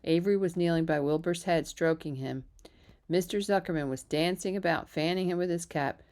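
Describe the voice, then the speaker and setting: A woman reading a children's novel aloud in a steady, even narrating voice, with a few small slips. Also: fairly low pitch, brisk. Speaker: reader. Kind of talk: storybook read-aloud.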